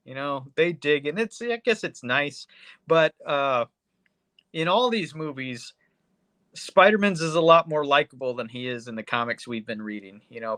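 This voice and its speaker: A man co-hosting a podcast, reviewing a movie in a casual, excitable, profane way with lots of fillers. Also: on the high side, dry recording. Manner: excitable, swears a lot, trails off with fillers. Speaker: podcast co-host.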